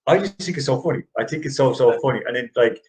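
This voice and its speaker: A man's voice: medium pitch, fast, darkish tone, rough recording. Brief: middle-aged man, co-host, loose rambling chat with chuckles. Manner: rambling, restarts often, chuckles. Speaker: podcast co-host. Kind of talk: casual movie review chat.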